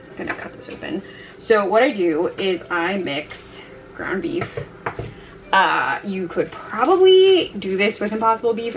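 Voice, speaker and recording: A woman chatting casually to camera in her home kitchen, talking through her week, excitable and prone to squealing when something delights her. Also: medium pitch. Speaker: vlogger.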